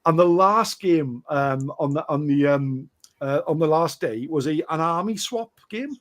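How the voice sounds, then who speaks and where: A man's voice: on the high side, animated, unhurried. A Welsh man chatting casually as a podcast guest, telling self-deprecating stories with lots of restarts. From Wales. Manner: rambling, self-deprecating anecdotes with many restarts. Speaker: guest storyteller and wargamer.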